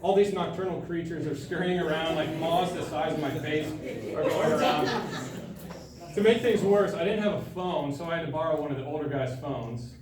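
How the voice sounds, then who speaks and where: A young man giving a sermon to a student group, telling a personal story in a casual, animated way with frequent laughter. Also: fairly high pitch, normal speed, crowd noise. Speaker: student speaker. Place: large room at a student gathering. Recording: echoey room, from far off, faint noise.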